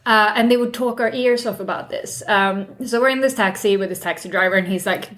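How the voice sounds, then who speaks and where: A woman in her thirties co-hosting a podcast, telling a story in lively casual chat and acting out the quoted voices. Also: medium pitch, fast, hardly any pauses. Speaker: podcast co-host.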